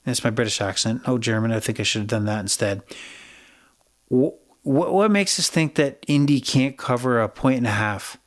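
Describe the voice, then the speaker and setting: Man, middle-aged, podcast host, blunt, profane, rambling, opinionated, medium pitch. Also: moderate pace. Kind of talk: solo sports betting podcast.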